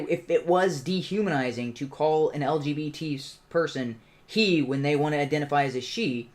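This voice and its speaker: A man hosting a livestream, giving an impassioned, argumentative commentary monologue. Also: fairly high pitch. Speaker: channel host.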